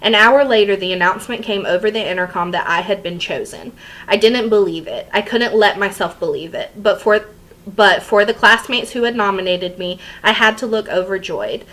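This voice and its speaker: A woman's voice: medium pitch, normal speed, poor audio. A woman reading a memoir aloud chapter by chapter for students to follow along, now and then stopping to explain a line. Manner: steady, plain read-aloud pacing. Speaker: teacher reading to a class.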